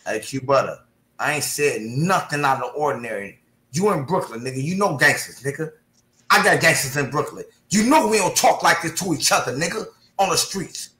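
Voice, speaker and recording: A man's voice: fairly high pitch, animated, a little fast, pushed and bright, echoey room. A man arguing on an online panel, confrontational and profane, over a call mic. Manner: confrontational, profane street slang. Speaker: panel participant. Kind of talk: heated online panel argument.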